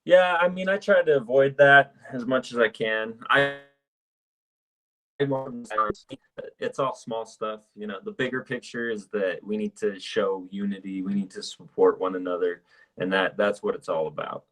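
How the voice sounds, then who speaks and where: A man speaking as a guest on a casual livestream, relaxed and friendly. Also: fairly low pitch, measured pace, rough recording.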